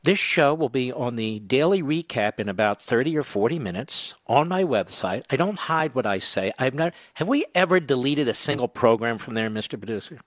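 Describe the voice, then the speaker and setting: A man's voice: medium pitch, lively intonation, a little fast, few pauses, no room sound. A man hosting a talk radio show in a combative, sarcastic monologue, throwing asides to his producer, on a studio mic.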